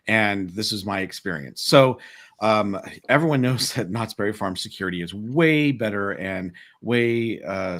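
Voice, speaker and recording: Low-voiced man telling a story. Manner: animated retelling with quoted dialogue. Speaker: podcast co-host. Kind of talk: casual panel chat, storytelling.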